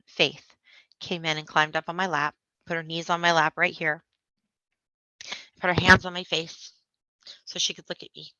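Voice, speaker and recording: A woman's voice: low voice, pushed and bright, no echo. A woman guest on a podcast, telling a personal story vividly and acting out the people in it. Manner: vivid, acts out voices in her story. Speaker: interview guest. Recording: dull, muffled podcast audio.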